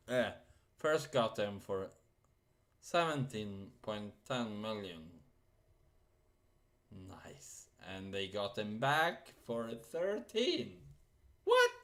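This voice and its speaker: Guy rambling about football on his channel, super slow, umming a lot, mid pitch. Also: a bit bright. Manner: slow, hesitant, many fillers and pauses. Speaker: football vlogger. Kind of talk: casual unscripted commentary.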